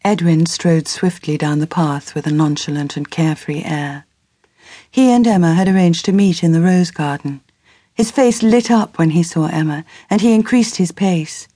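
A woman reading a novel aloud as an audiobook narrator in measured storytelling. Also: fairly low pitch, mellow, dry recording, studio quality. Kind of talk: scripted narration.

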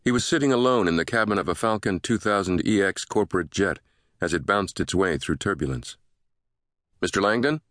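A man narrating a thriller audiobook in a steady, measured way. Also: low-pitched, dry recording, studio quality.

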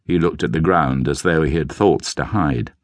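A man narrating an audiobook story in a measured, expressive storytelling manner, recorded close on a studio mic. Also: very deep voice, no echo. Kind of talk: scripted narration.

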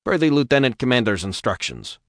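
A man's voice: medium pitch, sing-song, brisk, no echo, studio quality, pitched above the performer's own voice, close to an everyday voice. A man voicing a confident, commanding male engineer with formal speech, in an audiobook.

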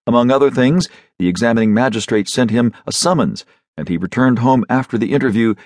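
A man narrating an audiobook in a measured storytelling manner, recorded on a studio microphone. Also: mid-range voice, no room sound. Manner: measured storytelling with expressive phrasing. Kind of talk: scripted narration.

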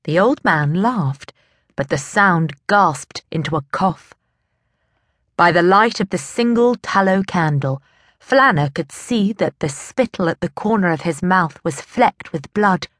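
A woman narrating a historical romance audiobook in a steady, deliberate reading voice. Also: on the low side, no room sound, clean studio sound. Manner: slow, even, deliberate reading. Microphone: close studio mic.

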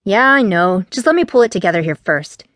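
A woman's voice: medium pitch, very animated, a little fast, fairly bright tone, dry recording. A woman reading an audiobook voices a careless, teasing teenage boy in a voice close to her own. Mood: rattled. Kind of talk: audiobook character voice.

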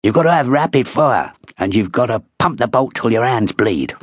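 A male narrator playing a gruff, scornful army sergeant who talks in a blunt, coarse growl. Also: medium pitch, animated, moderate pace, dry recording, studio quality, voice pushed up.

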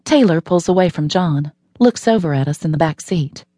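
A woman's voice: deep voice, animated, moderate pace, mellow, no room sound. A woman narrating a novel in the first person, wry and matter-of-fact, recorded in a studio. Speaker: audiobook narrator.

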